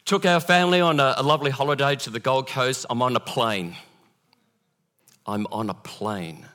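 A middle-aged man preaching a sermon in a lively storytelling manner, acting out the voices he quotes. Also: medium pitch, fast. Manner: animated, acts out quoted voices. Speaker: pastor.

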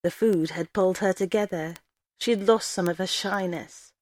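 A woman reading a first-person story aloud in a measured storytelling way. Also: mid-range voice, a little mellow, no echo. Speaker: story reader.

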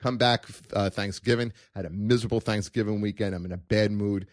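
A man's voice: on the low side, little pitch movement, fairly quick, dry recording, studio quality. A man telling a long rambling story about an audition in casual chat, restarting his sentences often. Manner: rambling anecdotes with many restarts. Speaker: podcast guest actor.

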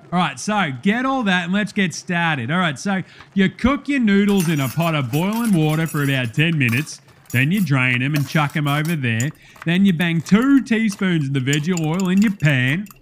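Man playing a rowdy high-voiced Aussie TV cook, broad accent, larrikin banter, comedy sketch. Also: slight background noise, natural voice. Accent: Australian. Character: boisterous Aussie bloke hosting a TV cooking show.

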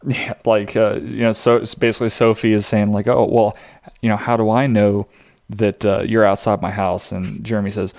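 A man co-hosting a podcast, casually recapping a TV episode in a relaxed, explanatory way. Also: fairly low pitch, brisk, vocal fry. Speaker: podcast co-host.

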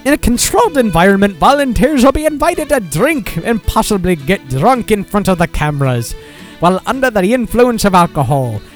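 A man's voice: sits high, big pitch swings, moderate pace, faint music behind, voice pushed up. A man voicing a chirpy mock newsreader with a put-on Australian accent, reading in a sing-song, bouncy way. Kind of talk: comic news reading.

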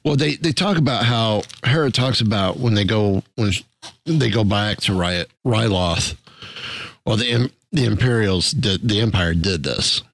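A man hosting a podcast, recapping an episode in a casual, halting way with many restarts. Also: fairly low pitch, no echo. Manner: halting, restarts words, fillers.

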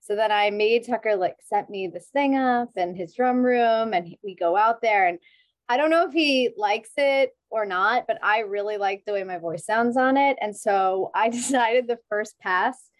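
A woman's voice: mid-range voice, normal speed, no echo. A woman in her thirties telling stories in casual chat as a podcast guest, laughing often. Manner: chatty storyteller, laughs often.

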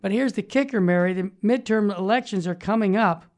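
This is a Christian talk show host with an upbeat, emphatic delivery. The voice sits at a middling pitch, and the host keeps affirming the co-host while moving through news items. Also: brisk, a little mellow. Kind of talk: casual conservative Christian talk show chat.

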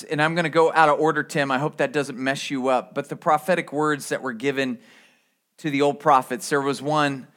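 Male pastor, higher-pitched voice, casual sermon with asides and restarts. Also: fairly bright tone. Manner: conversational preaching with asides and repeated restarts.

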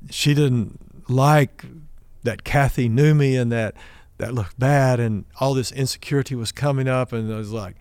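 A man's voice: medium pitch, a little mellow, dry recording. Man preaching a story-filled sermon. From Oklahoma. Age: middle-aged. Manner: acts out dialogue in his stories, raising his voice for the quoted lines. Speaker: pastor.

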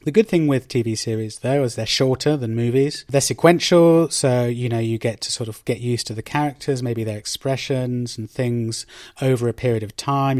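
A man's voice: mid-range voice, a little mellow, no echo. Guy rambling casually on his podcast, wry and a bit exasperated, ums everywhere, dry close mic. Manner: chatty and rambling, with frequent ums and self-corrections; wry and emphatic, with mock outrage. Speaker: podcast host for Spanish learners. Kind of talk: casual opinion monologue.

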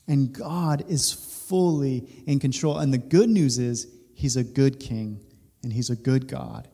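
A man in his thirties, a pastor, telling a personal story during a sermon, animated and laughing through it. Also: mid-range voice, unhurried, creaky, husky. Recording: reverberant hall.

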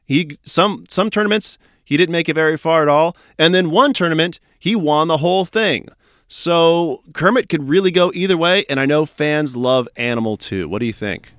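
A man's voice: fairly high pitch, normal speed, a bit bright, no room sound, studio quality. A man hosting a podcast, chatting casually in a rambling, upbeat way. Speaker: podcast host.

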